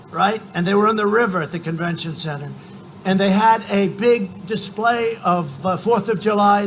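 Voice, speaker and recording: A man in his seventies giving a boastful, rambling rally speech, often shouting numbers to the crowd. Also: high-pitched, a little hiss or hum, rough recording. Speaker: political speaker at a campaign rally. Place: large outdoor rally.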